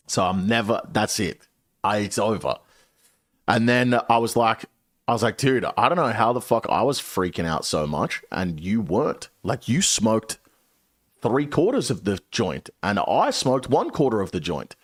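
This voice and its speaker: A man in his late twenties, a streamer telling a story to his chat in a casual, animated way, swearing often. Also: lowish voice, measured pace. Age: 20s. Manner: animated, swearing a lot, dramatic retelling.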